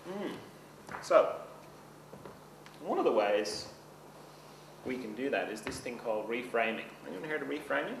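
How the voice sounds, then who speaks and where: A man's voice: mid-range voice, lively intonation, measured pace, gravelly, pauses often. Chatty man lecturing in an echoey room. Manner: conversational, checks in with the class often. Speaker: teacher. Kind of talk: seminar lecture. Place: seminar room. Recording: roomy, distant mic with background noise.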